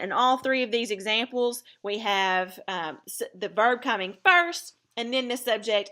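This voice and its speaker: A woman teacher talks through a recorded grammar lesson, breaking each point into small steps. Her voice is bright and forward, at an ordinary middle pitch. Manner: step-by-step explaining.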